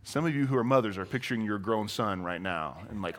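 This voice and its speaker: A man's voice: on the low side, a little fast. A man preaching a sermon in a casual, conversational way, telling stories and acting out the voices of the people in them. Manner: animated storytelling, acts out voices. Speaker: pastor.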